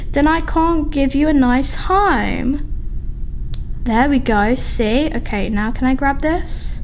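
Woman, high voice, unhurried, chatty let's-play commentary, excitable, talks to viewers. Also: slight background noise. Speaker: gaming YouTuber.

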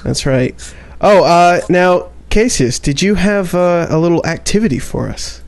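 A man's voice: high-pitched, lively intonation, unhurried. A man co-hosting a casual gaming podcast, chatting in a rambling, hesitant and playful way. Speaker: podcast co-host. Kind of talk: casual chat.

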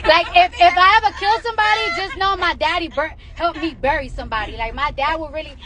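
Brash, excitable high-voiced woman. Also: fast, a faint crowd. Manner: brash, profane and excitable, repeats herself. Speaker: musician livestreaming from a car. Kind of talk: casual livestream chat. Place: inside a moving car.

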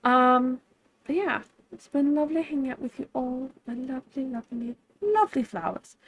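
A woman's voice: high-pitched, normal speed, slight background noise. A woman streamer chatting casually while playing a game, giggly and trailing off with ums. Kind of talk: casual gaming stream chat.

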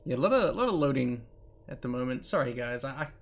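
A man's voice: mid-range voice, sing-song, fast talker. Joking young man narrating gameplay. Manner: rambling, joking, self-interrupting. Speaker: gaming channel host. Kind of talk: casual let's play commentary.

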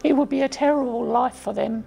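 A woman reading her own children's story aloud as a storyteller, gently voicing the children's lines. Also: on the high side, fairly quick, gravelly, faint music behind. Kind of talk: storybook narration.

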